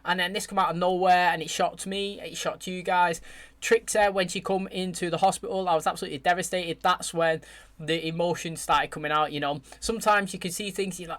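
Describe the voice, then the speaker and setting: A man hosting his channel, chatting excitedly as he reacts to a show's finale and addresses his viewers directly. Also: sits high, fairly quick. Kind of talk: casual reaction commentary.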